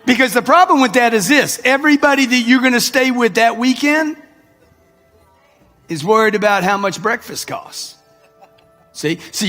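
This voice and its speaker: 60s guy hyping up a crowd, pushy and slangy, high-ish husky voice. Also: pushed and bright. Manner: brash, preachy, addresses the crowd directly with slang. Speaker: motivational speaker. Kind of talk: live motivational talk to an audience. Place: large hall before a live audience. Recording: echoey hall with music underneath.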